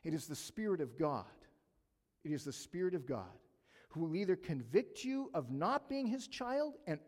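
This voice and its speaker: A male pastor delivering a sermon in a church, mixing a lively personal anecdote with scripture. His voice sits a little high for a man and rings with long hall reverb. He acts out moments of the story with rising excitement. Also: normal speed. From Canada. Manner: animated storytelling, acts out his own panic.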